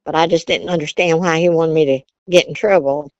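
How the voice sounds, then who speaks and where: An older woman with a low voice, a grandmother from Virginia telling stories about her childhood. She talks in a chatty, homespun way and laughs often. The sound is dry and a little dull. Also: steady tone, brisk, darkish tone, clean tone, no echo. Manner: chatty, laughs often, Southern turns of phrase. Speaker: interview guest, grandmother. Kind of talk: casual storytelling.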